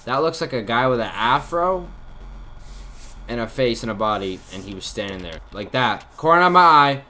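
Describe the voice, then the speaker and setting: A man's voice: lowish voice, moderate pace, sharp tone, a little hiss or hum. A young man giving jokey commentary on a horror game, talking straight to his viewers. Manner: chatty, jokey, talks to viewers. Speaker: gaming YouTuber. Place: dark room at home. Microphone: desk mic, face cam.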